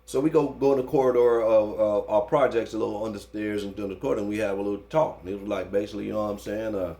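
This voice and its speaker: A man's voice: fairly low pitch, fast talker, few pauses. A man telling a story in an interview, in casual, slangy, profane speech, often adding "you know what I'm saying.". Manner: animated when recounting the fight. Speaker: interview guest.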